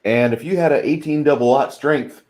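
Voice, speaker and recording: A man's voice: medium pitch, a little fast, darkish tone, reverberant, low-quality recording. A man hosting a casual tabletop gaming chat, reading out viewer comments in a laid-back, wry way. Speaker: podcast host.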